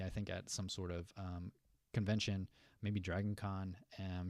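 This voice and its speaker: Male fan-news host, low gravelly voice, dry close mic, loose chatty delivery. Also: darkish tone, no echo. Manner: chatty, loose, many fillers and asides. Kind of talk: casual commentary reading chat.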